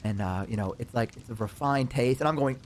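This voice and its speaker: A man's voice: mid-range voice, brisk, slight background noise. A man streamer telling a story in a casual way, rambling with lots of fillers and some swearing.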